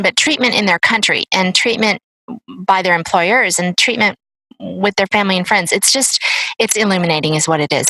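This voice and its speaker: A woman's voice: mid-range voice, sharp tone, dry recording. A woman hosting a podcast interview, chatty and upbeat. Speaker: podcast host.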